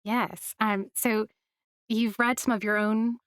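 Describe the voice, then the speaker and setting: A woman interviewing a guest in a studio, asking gentle questions and giving short encouraging prompts. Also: fairly high pitch, level tone, takes it slowly, no echo. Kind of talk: casual interview chat. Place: recording studio.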